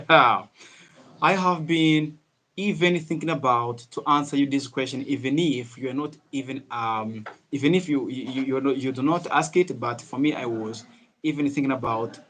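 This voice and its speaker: A man's voice: mid-range voice, a bit bright. A young man whose first language is Kinyarwanda, teaching English on a live stream in an earnest way, often repeating himself and restarting phrases.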